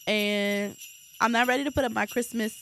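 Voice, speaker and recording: A woman co-hosting a podcast in casual chat, playful and joking with quick asides. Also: on the high side, fairly even intonation, a bit bright, slight background noise. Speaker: podcast co-host.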